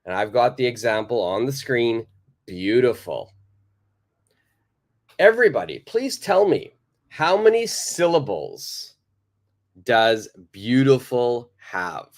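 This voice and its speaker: A man's voice: medium pitch, very animated, slow, pauses often. A man teaching a live online English lesson, patiently repeating his questions to the viewers.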